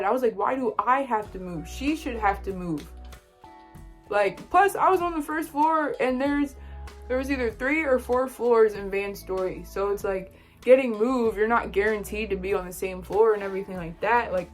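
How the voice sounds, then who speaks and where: Chatty young woman telling a story. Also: a little high. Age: young adult. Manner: animated, quoting others in lively bursts. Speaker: vlogger. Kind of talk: casual storytime.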